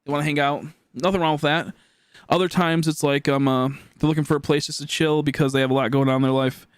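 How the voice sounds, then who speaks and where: A man's voice: on the high side, level tone, fast, clean tone, dry recording. Rambling young man streaming, dry sound. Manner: rambling, restarts often, swears when worked up. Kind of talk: casual live-stream chat.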